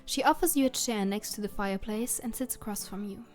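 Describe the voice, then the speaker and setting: A woman's voice: mid-range voice, a little fast, a little mellow, soft background music. Woman reading a game aloud. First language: German. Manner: reads narration steadily, adds German asides. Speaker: let's player.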